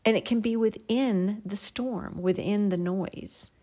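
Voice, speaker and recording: A woman giving a devotional Bible teaching in a gentle, earnest way, sometimes dropping to a near whisper for emphasis. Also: mid-range voice, slow.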